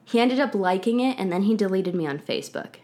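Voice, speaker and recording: A woman's voice: mid-range voice, lively intonation, fast, a little mellow. A woman in her twenties, a guest on a podcast, casually telling a personal story with lots of "like" and "um". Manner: chatty, heavy use of "like" and "um".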